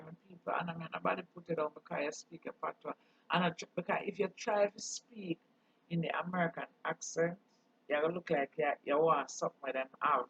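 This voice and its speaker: A man's voice: a little high, gravelly, a bit bright, breathy edge, no echo. A man from Jamaica with a Jamaican accent, talking earnestly in a casual monologue and mixing patois with English. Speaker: channel host. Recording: dull dry recording.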